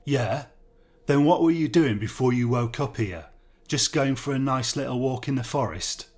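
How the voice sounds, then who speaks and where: A man's voice: medium pitch, normal speed, a little mellow, natural voice. Brief: a man reading as a sneering streetwise prisoner, sarcastic and taunting, audiobook story. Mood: mocking. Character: sneering streetwise male prisoner, mocking and distrustful.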